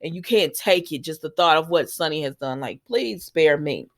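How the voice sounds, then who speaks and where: A woman's voice: low voice, lively intonation, normal speed. Chatty opinionated woman recapping a soap. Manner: chatty, opinionated, acts out characters' lines. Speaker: soap opera recap vlogger. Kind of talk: casual chat recapping episodes.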